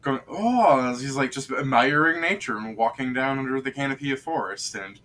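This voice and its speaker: A man's voice: mid-range voice, a little fast, pushed and bright. A man narrating as game master in a tabletop game, joking and laughing often.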